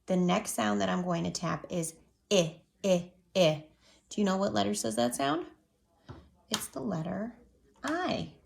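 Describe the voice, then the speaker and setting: A woman's voice: mid-range voice, gravelly, reverberant. A woman teaching a phonics lesson to young children, patiently stretching out each word. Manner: slow, patient, drawn-out sounding of words.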